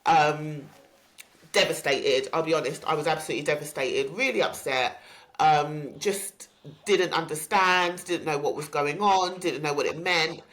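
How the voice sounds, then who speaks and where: A woman, hosting a podcast and candidly recounting a personal story with many pauses and ums. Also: deep voice, a bit bright. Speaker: podcast host.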